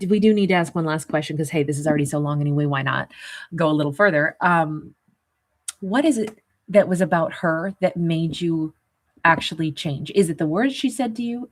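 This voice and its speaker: Rambling woman tarot reader, slightly low voice, casual monologue with asides. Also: moderate pace. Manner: rambling and conversational, many asides; chuckles at her own jokes.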